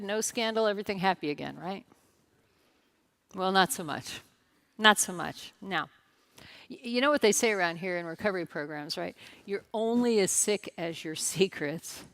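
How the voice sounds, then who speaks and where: Expressive woman pastor preaching. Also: mid-range voice. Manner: expressive storytelling with emphatic repetition; addresses the congregation directly with light humor. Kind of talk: sermon. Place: church service.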